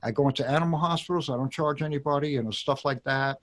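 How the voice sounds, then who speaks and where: A middle-aged man, an animated dog trainer telling stories with frequent laughter in a casual panel chat. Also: fairly high pitch, quick pace. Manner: animated storyteller, laughs often.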